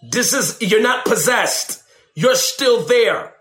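A man preaching on deliverance, animated and emphatic, who acts out shouting ministers and calls his listeners baby. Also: high-pitched, slow, roomy sound, faint music behind. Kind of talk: sermon.

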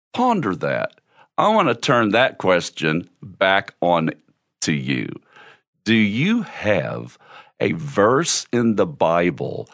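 A male preacher with a lively, sweeping voice. He takes his time, pacing his words slowly as he moves from quiet, low passages to excited, high-pitched exclamations. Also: no echo, clean studio sound. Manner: animated storyteller who swings between hushed lows and excited high outbursts. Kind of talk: sermon storytelling.

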